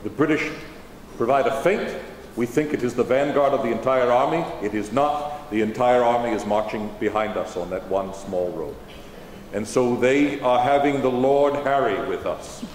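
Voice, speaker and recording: On a large auditorium stage, a man portrays General George Washington as a dignified older statesman, speaking in the first person with formal eighteenth-century diction. His mid-range voice is a little mellow and moves at a moderate pace. The low-quality recording carries hall reverb and a faint hiss or hum.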